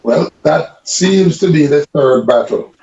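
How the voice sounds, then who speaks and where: A man talks through a Bible passage in a casual group discussion, reflective and unhurried in how he lays out his view. His voice sits a little high. The sound is dull and lo-fi. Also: expressive, creaky, dark tone, a little hiss or hum. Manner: reflective, explains his reading at length. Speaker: Bible study participant.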